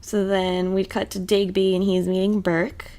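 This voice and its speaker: A woman's voice: mid-range voice, level tone, moderate pace, mellow. A young woman co-hosting a podcast, chatting casually and giggling as she recaps an episode. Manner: giggly, mocks characters in put-on voices. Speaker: podcast co-host.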